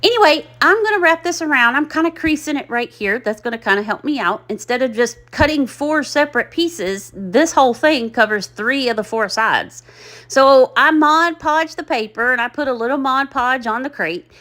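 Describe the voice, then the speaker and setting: A woman's voice: sits high, expressive, moderate pace, a bit bright. A middle-aged woman, chatting in a rambling, folksy, self-deprecating way as she narrates her craft project. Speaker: craft channel host. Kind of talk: chatty DIY voice-over.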